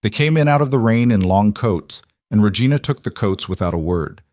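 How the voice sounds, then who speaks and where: A man giving measured, deliberate scripted narration of a crime drama. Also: fairly low pitch, expressive, darkish tone, dry recording, clean studio sound.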